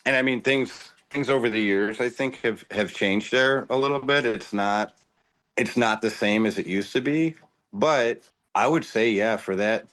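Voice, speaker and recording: A man's voice: on the low side, fairly bright tone. A man, a band member guest in a radio studio, reminiscing hesitantly with many restarts. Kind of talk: casual interview reminiscing.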